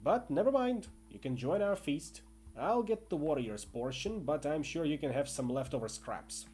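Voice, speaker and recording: A man's voice: a little high, animated, normal speed, darkish tone, slight background noise, natural voice. A man voicing a cocky, menacing young male camp bully with a working-class Northern English accent, bragging and taunting.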